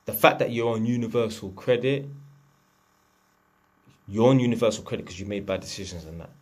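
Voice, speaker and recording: A man's voice: lowish voice, brisk, a little mellow. A man, delivering a blunt, profane, lecturing rant to camera as a vlogger. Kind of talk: unscripted ranting monologue.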